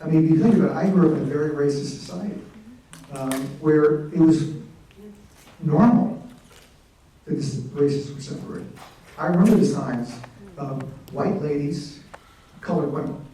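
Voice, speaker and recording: A man's voice: fairly high pitch, moderate pace, pauses often, mellow, slight background noise. A man in his sixties telling comic stories to a library audience, acting out the voices of people in his stories. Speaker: author at a library event. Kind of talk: storytelling talk on stage. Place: large hall, live audience. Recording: echoey hall, mic from a distance.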